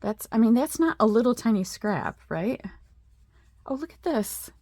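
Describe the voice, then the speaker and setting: A woman's voice: on the high side, expressive, a little slow, darkish tone, no echo. A middle-aged woman in a casual craft show-and-tell, chatting with lots of fillers and admiring asides. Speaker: craft vlogger.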